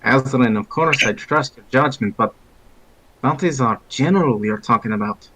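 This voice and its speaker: A man voicing a gruff male soldier comrade with a thick accent, blunt and calling others lad, in tabletop role-play. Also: medium pitch, moderate pace, pushed and bright, poor audio.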